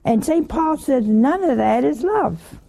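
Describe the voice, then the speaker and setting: Slow, gravelly-voiced older woman preaching. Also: high-pitched, expressive, mellow. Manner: chatty, asks the listeners questions, laughs often. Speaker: religious teacher. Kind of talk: informal sermon.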